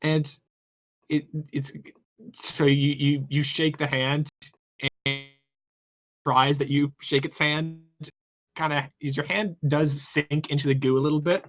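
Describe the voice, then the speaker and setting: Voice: mid-range voice, flat delivery. Game master narrating a tabletop game, stop-start delivery. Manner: rambling, halting, many restarts.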